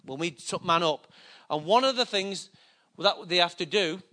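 A man's voice: high-pitched, animated, normal speed, sharp tone. A middle-aged man preaching a sermon, telling a personal story in a chatty, self-mocking way. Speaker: pastor.

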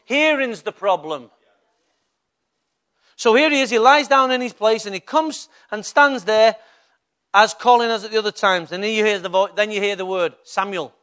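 An older man with a Mancunian accent, a pastor preaching a lively sermon and putting questions to the congregation in church. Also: high-pitched, moderate pace.

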